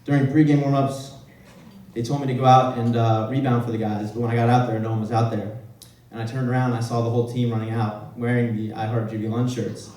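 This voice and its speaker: A man in his twenties giving a lively storytelling speech at a celebration, heard from a distant microphone in a big room. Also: mid-range voice, fast. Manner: animated, laughing storyteller. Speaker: speaker at a celebration event. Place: large echoey event room. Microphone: far from the mic. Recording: roomy echo, distant mic, faint room noise.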